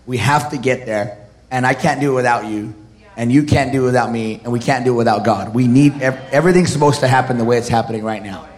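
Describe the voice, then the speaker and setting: A man preaching a sermon to his congregation, building up to shouted declarations. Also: medium pitch, fast talker. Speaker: pastor.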